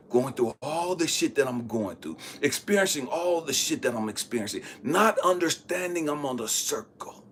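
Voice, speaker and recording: A man's voice: mid-range voice, animated, moderate pace, few pauses, a bit bright, a little hiss or hum. A man giving an impassioned spiritual monologue, blunt and profane, talking like a street storyteller. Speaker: spiritual vlogger.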